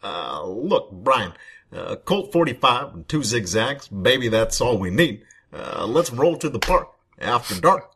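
A man's voice: medium pitch, big pitch swings, unhurried, creaky, a bit bright, slightly rough, exaggerated voice. A man putting on the voice of a laid-back male president, delivering rhymes about rolling joints in a sing-song way with filler "uh"s. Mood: mellow, goofy.

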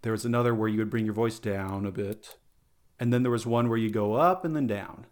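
A man's voice: lowish voice, fairly quick. A man chatting casually on a podcast, explaining eagerly with many fillers and restarts. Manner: enthusiastic, rambling, lots of fillers.

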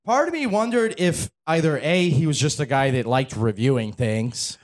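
A man's voice: medium pitch, expressive, moderate pace. A man appearing as a guest on a comedy podcast, laid-back with dry one-liners. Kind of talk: casual comedic chat.

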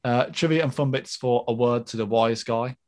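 A man co-hosting a podcast, reading listener mail in lively, casual chat. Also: mid-range voice, moderate pace. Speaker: podcast co-host.

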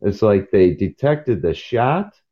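Very deep-voiced rambling man. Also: sing-song, slow pace. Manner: jumps between topics and acts out quoted voices. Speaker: podcast host. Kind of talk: rambling casual storytelling. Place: truck cab while driving. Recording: dull lo-fi sound.

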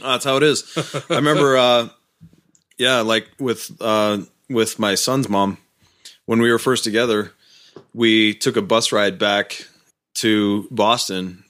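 A man's voice: lowish voice, fairly even intonation, unhurried, a bit bright. A man in casual podcast chat, telling rambling stories and laughing often.

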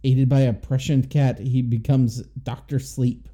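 A man with a very dark, mellow voice co-hosts a casual movie podcast. He agrees easily with his partner and reads a plot summary in a steady, even manner. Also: mid-range voice, a little slow. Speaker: podcast co-host. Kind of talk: casual movie review chat, reading a synopsis.

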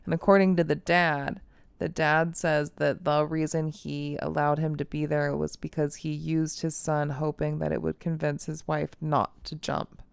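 A woman casually recapping a movie plot in animated detail, swearing freely and acting out the characters' lines. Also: low voice, normal speed, gravelly, smooth, no room sound. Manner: animated storytelling, frequent swearing, acts out quotes. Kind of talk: casual chat.

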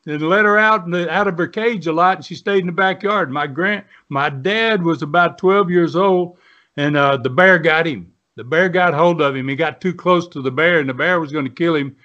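A man's voice: sits high, fairly bright tone. A man in his seventies from the United States, telling long rambling stories in a folksy, casual way. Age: 70s. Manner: rambling, folksy, many restarts and fillers. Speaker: guest, former pro wrestler. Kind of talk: casual storytelling. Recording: dull lo-fi sound.

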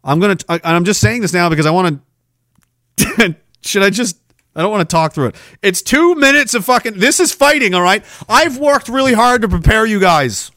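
A man hosting a podcast, ranting loudly and profanely with a taunting delivery. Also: high voice, expressive, a little fast, dry recording, studio quality. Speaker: podcast host.

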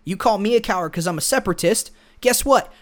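A man's voice: sits high, quick pace. A man hosting a podcast, talking alone in a blunt, lecturing, combative way. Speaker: podcast host. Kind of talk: solo opinion monologue.

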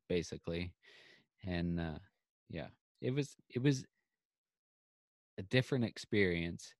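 A man with a fairly low voice chats casually on a podcast and retells a story. He acts out the quoted back-and-forth with lively shifts. The sound is dry and close, with no room echo. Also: a little slow, long pauses. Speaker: podcast co-host. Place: home, on a video call.

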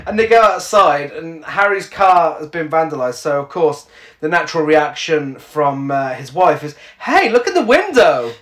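Animated man recapping a film in an echoey room. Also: fairly high pitch, moderate pace. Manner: animated, laughs often, mocking quotes. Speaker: podcast co-host. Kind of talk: casual film recap chat.

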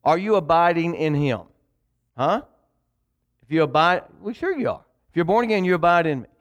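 A man's voice: a little high, lively intonation, normal speed, muffled recording. A male pastor preaching a sermon, emphatic and repetitive, calling on the congregation to read along. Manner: preaching with call-and-response to the congregation.

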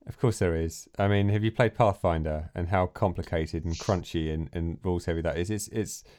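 A man's voice: deep voice, a little fast, a little mellow. A man co-hosting a tabletop gaming podcast, chatting casually with upbeat, teasing banter. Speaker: podcast co-host and player. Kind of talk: casual chat about a tabletop game.

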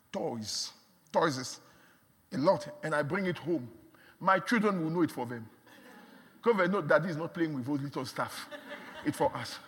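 A man delivers a sermon in a high, lively voice that climbs and dips all over. He repeats words for emphasis and swings between quiet asides and shouts. His voice rings out with a long echo, as in a large hall. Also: unhurried, long pauses, breathy edge. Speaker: preacher.

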